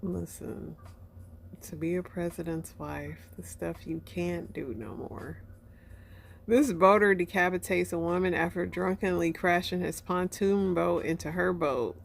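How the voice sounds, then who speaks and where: Gravelly-voiced woman reading headlines casually. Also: on the low side, fairly even intonation, unhurried, a little hiss or hum. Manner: offhand, reading headlines then commenting. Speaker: host. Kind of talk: casual news chat and reactions.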